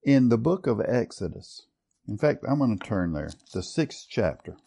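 A man's voice: mid-range voice, very animated, normal speed, vocal fry, dark tone, breathy edge. A man preaching a sermon earnestly, building to strong stress on key words. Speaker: pastor.

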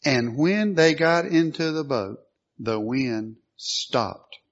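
A man preaching a sermon, reading scripture aloud and asking the listeners questions, clearing his throat often. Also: medium pitch, animated, takes it slowly. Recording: dull lo-fi sound.

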